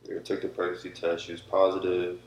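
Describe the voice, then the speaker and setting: A young man chatting calmly and supportively beside his partner. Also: low-pitched, brisk, muffled recording. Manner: calm, supportive, brief agreements. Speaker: vlogger, partner. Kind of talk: casual chat. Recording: echoey room, a bit far from the mic.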